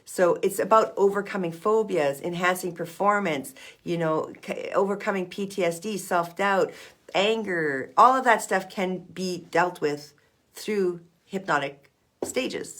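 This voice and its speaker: A woman's voice: on the low side, a bit bright. A woman coaching self-hypnosis in a casual explainer video, chatty and playful, often checking in with "okay?". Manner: playful asides.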